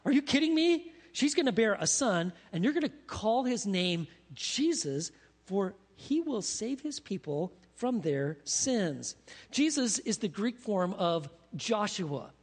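A man preaching a sermon as pastor, animated, asking his congregation questions as he teaches. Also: sits high. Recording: long reverb of a large hall.

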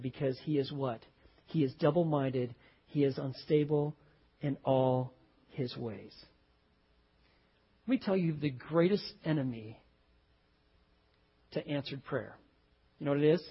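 A man preaching a sermon, telling a story with animated swings from loud exclaims to hushed, tender lines. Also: a little high, measured pace, breathy edge, dull audio. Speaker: pastor.

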